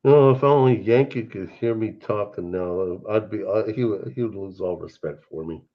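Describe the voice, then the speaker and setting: A man from Serbia, joining a livestream chat as a guest and telling stories in an animated way. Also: fairly low pitch, normal speed. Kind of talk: casual chat. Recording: dull lo-fi call over hotel internet.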